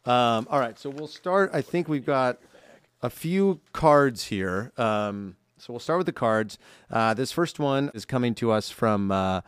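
Man, podcast co-host, dry studio sound, middle pitch, chatty and upbeat. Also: expressive, measured pace, smooth, no echo. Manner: chatty, upbeat, reads fan mail aloud. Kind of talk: casual podcast chat.

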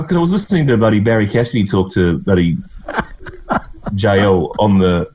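A man's voice: fairly low pitch, moderate pace, darkish tone, a little hiss or hum. A middle-aged Australian man from Queensland, a guest telling rambling, chuckling anecdotes and mimicking people in a casual interview.

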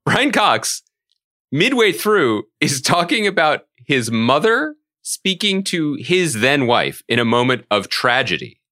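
A man co-hosting a pop-culture podcast, telling animated, joking stories in casual chat. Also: on the high side, slow. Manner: animated storyteller, jokey riffs. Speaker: podcast co-host.

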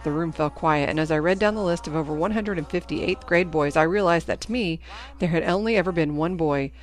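A woman reading a novel aloud in first-person narration, with an even storytelling delivery. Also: sits low, fairly quick, faint music behind. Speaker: audiobook narrator.

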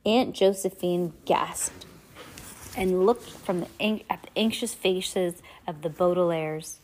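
A woman's voice: on the low side, slow pace, a little hiss or hum. Woman casually reading a novel aloud. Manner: relaxed, stumbles and chats between passages. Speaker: reader.

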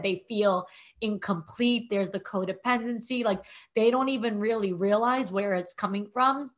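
A woman's voice: mid-range voice, a bit bright. Young woman podcast host, rambly, keeps saying like, mid voice. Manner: rambling, repeats and restarts, often says "like". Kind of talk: emotional interview conversation.

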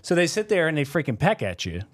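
A man's voice: a little high, sing-song, fast talker. A man co-hosting a casual podcast, rambling, swearing freely and losing his train of thought. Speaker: podcast co-host. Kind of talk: casual chat.

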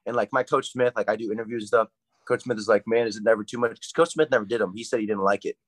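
Young man, low voice, rapid hyped rambling talk, dry close mic. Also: no room sound, poor audio. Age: young adult. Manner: fast, hyped, rambling with lots of "like". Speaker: college wrestler guest. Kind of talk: casual interview chat.

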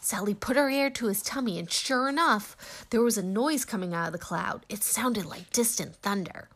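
A woman narrating a children's storybook aloud with gentle, expressive reading. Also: mid-range voice, normal speed, hardly any pauses.

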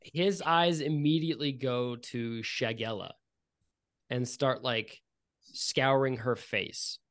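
A man's voice: mid-range voice, steady tone, slow, a bit bright, dry recording, clean studio sound. A man narrating a tabletop role-playing game as game master, joking and swearing at his players. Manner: crude, joking and profane.

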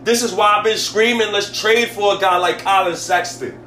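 A man's voice: sits high, steady tone, normal speed, bright, forceful tone, echoey room. A man hosting a sports podcast, ranting in a heated, exasperated way with casual slang and lots of repetition. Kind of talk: emotional sports rant.

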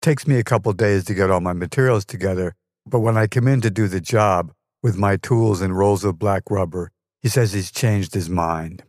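A man's voice: deep voice, moderate pace, a little mellow, no room sound. A man narrating a scripted personal memoir in a dry, wry storytelling manner. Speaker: podcast narrator.

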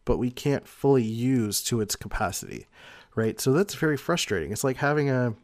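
A man explaining personality types in a casual, rambling monologue, peppered with "like" and soft laughs. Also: medium pitch, animated, normal speed, dry recording. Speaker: personality type commentator.

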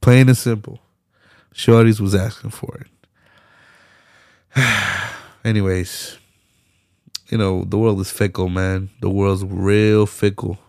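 A young man hosts his own podcast solo, speaking slowly with long pauses in a fairly low, gravelly voice. He talks in loose, animated, profane street slang and laughs often, recorded at studio quality with no echo.

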